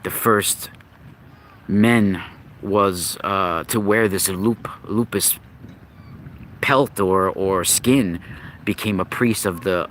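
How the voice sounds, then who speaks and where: A very deep-voiced man talks slowly through old legends, circling back and restarting as he hunts for the right word. A faint hiss of background noise sits under his voice. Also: a bit bright. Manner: rambling, with frequent restarts and searching for words. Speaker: podcast host. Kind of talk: casual monologue on myth and occult lore.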